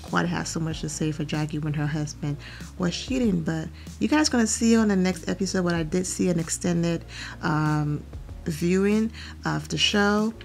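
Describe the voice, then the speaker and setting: A woman hosting a casual reality TV recap, animated and opinionated with quick asides. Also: lowish voice, creaky, soft background music.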